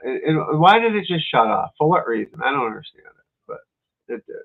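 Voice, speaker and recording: A man with a gravelly, creaky voice grumbles and swears as he chats casually with his viewers. The audio sounds thin and phone-like, as on a lo-fi livestream. He keeps up a running exasperated mutter. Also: on the high side, very animated, brisk. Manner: exasperated muttering and cursing to himself. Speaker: golf instructor and show host. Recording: tinny phone-like lo-fi stream audio.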